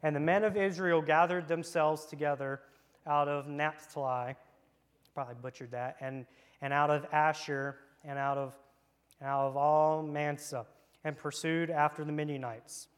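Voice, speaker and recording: Speaking at an ordinary pace, the man has a fairly high pitch, mostly even intonation, and a clean tone. He's a children's church leader with kids around him in a church room, leading a hands-on Bible lesson where he reads scripture and jokes playfully.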